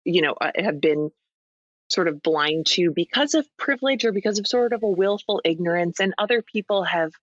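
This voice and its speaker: A woman's voice: lowish voice, lively intonation, brisk, dry recording, dull audio. A woman from Minnesota, a podcast guest, talking candidly and rambling in a casual phone conversation, laughing easily.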